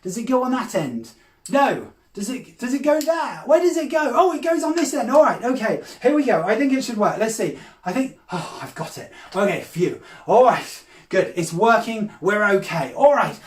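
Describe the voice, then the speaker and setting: Excitable kids' magician, echoey room. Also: mid-range voice, normal speed, recorded from a distance. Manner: exaggerated gasps and cries of surprise; talks straight to children as boys and girls. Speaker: children's magician. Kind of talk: lively kids' magic show patter. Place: room at home during lockdown. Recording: echoey room, off-mic, faint noise.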